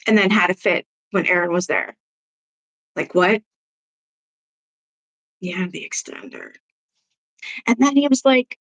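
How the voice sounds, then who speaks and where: A woman's voice: mid-range voice, low-quality recording. A woman hosting a casual live stream who talks bluntly, swears freely, laughs often and answers viewer comments. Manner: blunt, profane gossip with frequent laughs. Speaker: livestream host.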